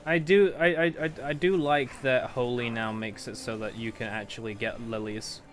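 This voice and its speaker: A man's voice: medium pitch, fairly even intonation, moderate pace, fairly bright tone. A man streaming a game, chatting and laughing easily with friends. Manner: laughing, easygoing banter. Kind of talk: casual gaming chat. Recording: game music behind voice. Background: game music.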